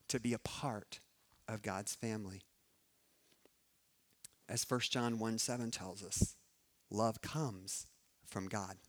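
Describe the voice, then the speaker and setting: A man preaching a sermon as pastor. He repeats key phrases and swings between loud emphatic peaks and soft, quiet endings. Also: mid-range voice.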